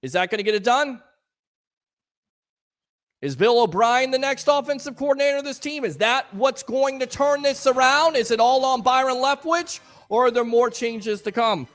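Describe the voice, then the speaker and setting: High-voiced, fired-up sports talk host. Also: male voice, moderate pace, fairly bright tone. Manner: frustrated, emphatic, rhetorical questions. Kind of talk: call-in sports talk show.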